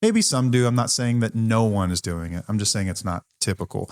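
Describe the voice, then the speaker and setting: A man's voice: lowish voice, brisk, no room sound, clean studio sound. A man co-hosting a podcast who talks in a candid, blunt, conversational way with some mild swearing. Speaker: podcast co-host.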